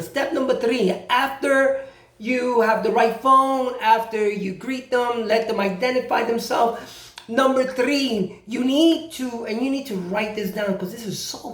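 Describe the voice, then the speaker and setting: Man, credit advisor, casual explainer, lively and repetitive, fairly high voice, echoey room. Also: vocal fry. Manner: animated, acts out both sides of phone calls; repeats himself for emphasis. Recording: roomy echo.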